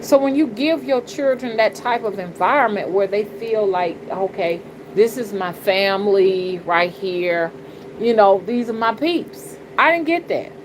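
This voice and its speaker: Her voice is mid-range and unhurried. She's a middle-aged spiritual reader and channel host chatting casually on a livestream, greeting viewers, swearing, bluntly preaching her opinions, and frequently asking "you understand?" Background noise comes through noticeably.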